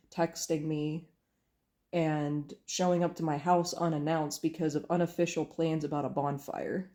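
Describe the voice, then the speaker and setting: A young woman speaks in a mellow, slightly low voice. She tells a personal story to camera, candid and earnest, and acts out what others said along the way. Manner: candid, earnest, recounting with quoted dialogue. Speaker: vlogger.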